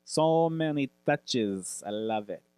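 A man's voice: mid-range voice, animated, slow pace, darkish tone, clear, resonant tone, no echo. A man co-hosting a fantasy football podcast, rattling off player lists in crude, joking casual chat. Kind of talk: profane casual sports chat.

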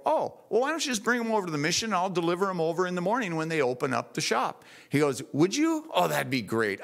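A man preaching a sermon in church, telling stories in a lively, animated way. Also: a little high, gravelly.

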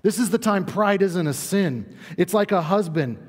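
A man delivers a sermon from the front of a church, his voice slightly higher than most men's. He is earnest, rushing through some phrases and sinking low and soft on key lines. The sanctuary gives his words a long, lingering reverb. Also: lively intonation. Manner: earnest, varies pace and volume, drops low for emphasis. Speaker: pastor.

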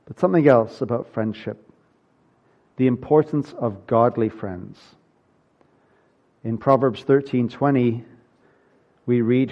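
Earnest male preacher, muffled recording. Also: mid-range voice. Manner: earnest preaching, rising to emphatic peaks. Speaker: pastor. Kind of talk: sermon.

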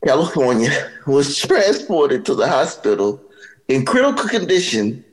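A man's voice: mid-range voice, big pitch swings, measured pace, poor audio. A young man hosting a comedy podcast, chatting casually and breaking into laughter as he reads a story aloud. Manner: laughs often while reading aloud. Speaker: podcast host.

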